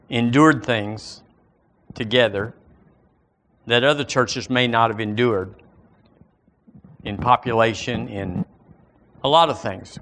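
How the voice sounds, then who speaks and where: A middle-aged pastor with a Southern drawl preaches in a loose, folksy way, talking with his congregation. When he reads scripture, his voice rises and grows emphatic. His voice sits at an ordinary middle pitch. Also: a bit bright. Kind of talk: sermon.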